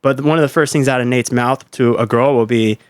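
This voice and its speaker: A man's voice: mid-range voice, fairly even intonation, brisk, clean tone, no room sound, studio quality. A male podcast host from the East Coast, chatting loosely with frequent swearing. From East Coast, United States. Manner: loose, rambling, swears freely. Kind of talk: casual podcast chat. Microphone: studio mic with headphones.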